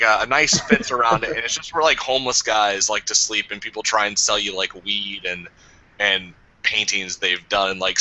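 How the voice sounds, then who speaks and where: A young man telling stories as a podcast co-host, animated and acting out the people he quotes. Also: on the low side, low-quality recording. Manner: animated storyteller, acts out quotes. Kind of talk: casual chat.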